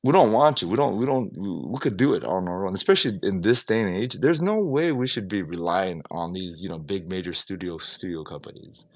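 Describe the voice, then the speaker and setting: A man's voice: low voice, expressive, fairly quick, few pauses, darkish tone. A man ranting in an opinionated, casual way on a livestream, swearing now and then. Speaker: livestream vlogger.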